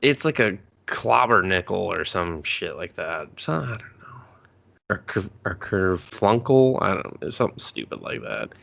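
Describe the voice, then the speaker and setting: Gravelly, animated, profane man. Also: deep voice, a little slow. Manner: profane, mocking, laughs often. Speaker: podcast co-host. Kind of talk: casual movie review chat.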